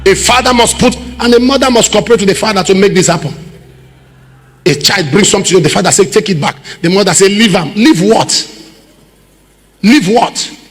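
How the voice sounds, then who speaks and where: A man with a Nigerian accent preaching a sermon emphatically, with repeated rhetorical questions and bursts of shouting. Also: high voice, brisk, long pauses. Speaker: pastor. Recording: reverberant hall with loud music behind.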